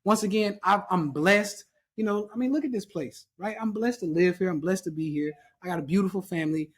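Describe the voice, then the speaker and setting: A man's voice: high voice, a little fast, slightly rough. A man teaching trading in a casual chart walkthrough, emphatic and repetitive, drilling his points home.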